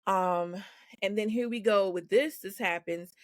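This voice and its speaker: A woman's voice: mid-range voice, unhurried, no room sound, clean studio sound. A woman guest on a podcast, speaking frankly and with animation, laughing often as she tells her story. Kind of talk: candid conversational storytelling. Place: podcast recording.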